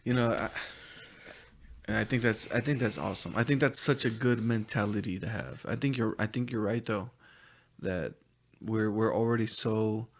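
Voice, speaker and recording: Gravelly earnest podcast host, man. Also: fairly low pitch, normal speed. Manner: earnest, reflective, confessional. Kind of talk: casual podcast chat.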